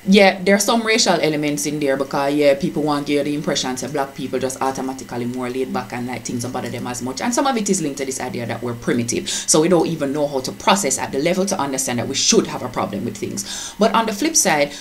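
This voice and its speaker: A woman's voice: very deep voice, animated, quick pace, slight background noise. A woman from Jamaica with a Jamaican accent, talking straight to camera in a direct, opinionated commentary vlog. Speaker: vlogger.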